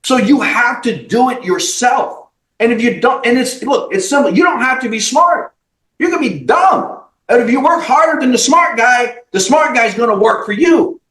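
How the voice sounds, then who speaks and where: Man, podcast guest, company CEO, blunt motivational talk, swears, high lively voice, echoey room. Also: moderate pace. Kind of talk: podcast interview.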